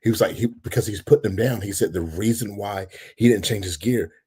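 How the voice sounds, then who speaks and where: A man co-hosting a casual wrestling podcast, chiming in with quick quips and laughs. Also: on the low side, warm tone, breathy edge. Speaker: podcast co-host.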